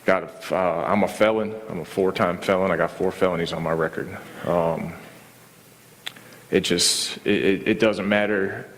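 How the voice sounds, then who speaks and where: Deep-voiced man telling his testimony. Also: steady tone, in a large hall, a little hiss or hum. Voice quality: plain, halting with many fillers and restarts. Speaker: testimony speaker. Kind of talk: personal testimony, casual storytelling.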